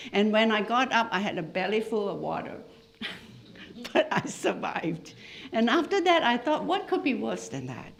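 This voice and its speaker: A middle-aged woman from Malaysia lecturing a class as a hypnotherapist. She tells stories in an animated way, her pitch swinging widely as she goes. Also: gravelly. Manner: storytelling, lively and animated, with laughs. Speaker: hypnotherapist giving a talk.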